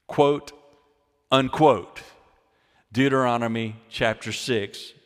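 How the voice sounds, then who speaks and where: A male pastor preaching a sermon, repeating key phrases and swinging between loud, emphatic lines and quiet ones. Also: mid-range voice, slow pace. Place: church sanctuary. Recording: long hall reverb.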